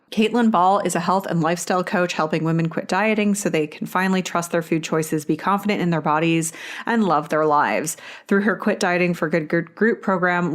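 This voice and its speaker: A woman hosting a podcast and chatting casually, with lots of filler words. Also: on the low side. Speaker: podcast host.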